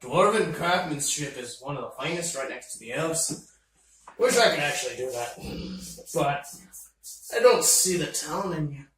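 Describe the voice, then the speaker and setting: A man's voice: fairly high pitch, lively intonation, normal speed, fairly bright tone. A man voicing a brusque, muscular female half-orc blacksmith who talks bluntly and dismissively, recorded in an echoey room from a distance. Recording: roomy, distant mic with faint noise.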